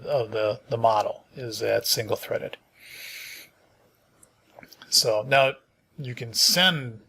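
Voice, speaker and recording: Tired, gravelly man thinking aloud. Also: medium pitch, fairly bright tone. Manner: tired, thinking aloud with many fillers and restarts. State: sleepy, yawning. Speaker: programming stream host. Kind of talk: casual live-coding stream, reading docs aloud.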